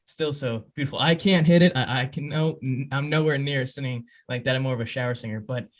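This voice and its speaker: A man's voice: mid-range voice, a little fast. A man hosting a podcast interview, chatting casually as an eager fan with self-deprecating asides. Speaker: podcast host.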